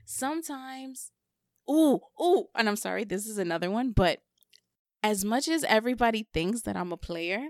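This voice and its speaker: On a casual podcast, a young woman who is likely a co-host or guest speaks at normal speed in a fairly high voice with lively intonation. The recording is dry and studio-clean, and she talks candidly and confessionally, repeating words for emphasis.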